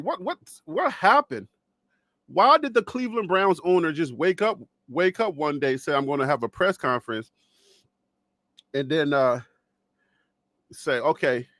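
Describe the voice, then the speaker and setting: A man's voice: high voice, fairly bright tone, no room sound. A man from Liberia hosting a live sports show, chatting playfully with viewers and laughing often. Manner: playful, laughing, teasing the chat. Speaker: host. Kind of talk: casual live-stream chat.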